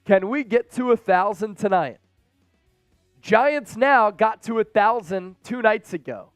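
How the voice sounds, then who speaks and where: A man hosting a live stream, calling the game play by play with energetic fan banter and shout-outs. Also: sits high, unhurried, no room sound, studio quality, soft background music.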